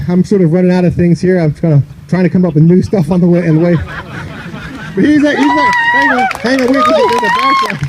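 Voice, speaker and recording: A male stand-up comedian with a high but dark, mellow voice rambles loosely through his set, leaning on "you know" between jokes. He performs outdoors in a park, with faint open-air noise around him. He grew up in the northern United States. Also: poor audio.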